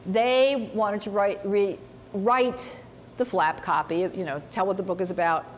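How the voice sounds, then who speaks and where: A woman's voice: medium pitch, a little slow. A woman novelist answers questions at a university seminar in a loose, chatty way. She is wry and self-mocking and slips into little voices for the people she quotes. A faint hiss sits under the recording. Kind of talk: casual talk answering audience questions.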